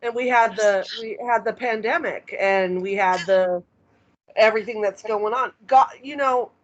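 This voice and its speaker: Supportive woman co-host, halting delivery, slightly muffled lo-fi recording. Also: medium pitch. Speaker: podcast co-host. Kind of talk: casual chat. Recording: slightly dull lo-fi sound.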